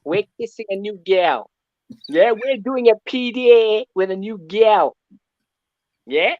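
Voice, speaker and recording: A man's voice: high voice, lively intonation, slow pace, dry recording, highs cut off. A man calling in to a fan show, ranting and tagging his points with "yeah?". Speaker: caller. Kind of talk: call-in fan rant.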